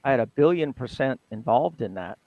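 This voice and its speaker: A man's voice: medium pitch, a little fast, dry recording, lo-fi sound. An older man, a retired athletic trainer, telling stories as an interview guest and often laughing. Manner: animated storyteller, laughs often, mimics others. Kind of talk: casual storytelling interview.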